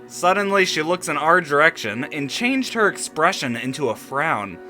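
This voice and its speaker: Animated, swearing gaming streamer. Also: medium pitch, normal speed, few pauses, faint music behind. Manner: profane, animated reactions. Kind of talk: reading a visual novel aloud with commentary.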